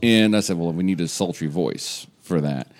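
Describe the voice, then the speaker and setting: A man's voice: low voice, moderate pace, a little mellow. A man hosting a casual comedy podcast, telling stories in a rambling way with speech. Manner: rambling storyteller with fillers and restarts. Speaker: podcast host.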